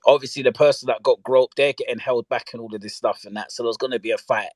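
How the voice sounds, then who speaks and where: A man telling a story in a casual chat, animated and slang-heavy, laughing often. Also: medium pitch, brisk, few pauses, dry recording.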